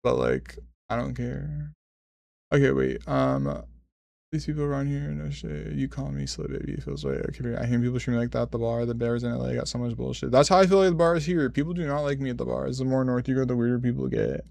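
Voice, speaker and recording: Gravelly, profane man in his twenties. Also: mid-range voice, fairly quick, darkish tone, no room sound. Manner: rambling, profane, self-correcting. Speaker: streamer. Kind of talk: casual storytelling chat.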